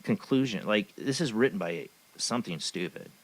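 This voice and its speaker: Sarcastic male talk radio host, lively. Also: fairly low pitch, normal speed. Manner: cynical, rambling and sarcastic. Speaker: show host. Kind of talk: casual talk radio commentary.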